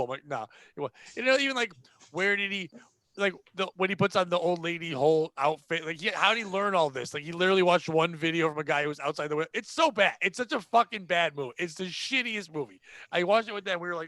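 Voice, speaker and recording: A man with a high, bright voice tells comedic stories on a podcast, swearing freely and throwing himself into the people he describes. The sound is dry and close, with no room around it. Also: fast talker, no room sound. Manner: animated, profane, acts out the people in his stories. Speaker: podcast host. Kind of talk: casual comedic storytelling.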